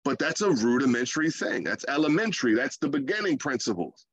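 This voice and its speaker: A man preaching a sermon in a lively, conversational way, with playful asides. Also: mid-range voice, brisk, husky, no echo, dull audio.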